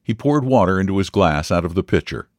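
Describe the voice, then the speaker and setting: A man reading a story aloud as narrator, measured and expressive. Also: low-pitched, no echo, clean studio sound. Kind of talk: audiobook reading.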